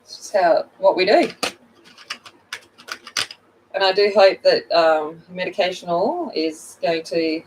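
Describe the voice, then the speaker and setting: A woman's voice: lowish voice, slow, long pauses, far from the mic, slight background noise, low-quality recording. A middle-aged woman chatting casually while she colors on a livestream, greeting viewers by name and laughing at herself. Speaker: coloring channel host.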